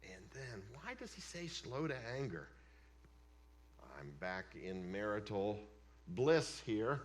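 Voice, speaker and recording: Man, pastor, church sermon, slow delivery, lively rising and falling pitch, emphatic with hushed asides. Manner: emphatic, swings between loud declarations and hushed asides. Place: church sanctuary.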